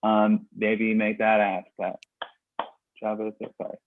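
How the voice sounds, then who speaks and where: A man's voice: fairly low pitch, flat delivery, measured pace, a little hiss or hum. A man hosting a poetry slam livestream in a casual, rambling way full of fillers and tangents, his voice getting worn out. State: losing his voice. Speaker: slam host. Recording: dry tinny phone-like sound.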